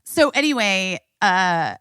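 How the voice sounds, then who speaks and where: Animated woman host telling a story. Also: medium pitch, slow pace, smooth, dry recording, studio quality. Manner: animated, swearing, acts out quotes. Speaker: podcast host. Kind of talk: casual storytelling chat.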